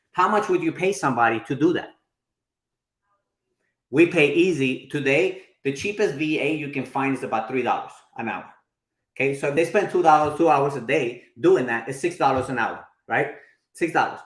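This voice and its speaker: A man's voice: mid-range voice, brisk, echoey room. A man in his forties teaching a live workshop, chatty, often checking in with his listeners. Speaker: marketing instructor.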